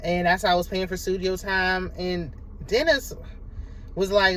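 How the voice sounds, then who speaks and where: A woman's voice: on the low side, flat delivery, unhurried, fairly bright tone, a little hiss or hum, poor audio. A woman giving a casual, sassy recap of a reality TV episode, talking back at the cast as she goes. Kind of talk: casual show recap and commentary.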